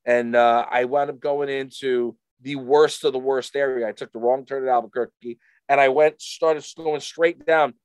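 A man casually telling a rambling, animated story full of fillers to a friend. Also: medium pitch, normal speed, clean tone, dry recording. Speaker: storyteller in a chat.

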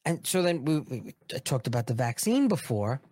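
A man's voice: mid-range voice, sing-song, moderate pace, warm tone, no echo. Indignant male political commentator. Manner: emphatic, indignant, repeats words for emphasis.

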